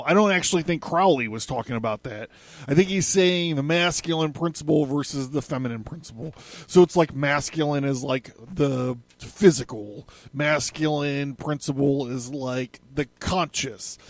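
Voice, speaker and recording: Male podcast host, loose and profane, doubles back on himself, pitched a bit high. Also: no room sound. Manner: rambling, profane, self-correcting. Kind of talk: casual podcast monologue.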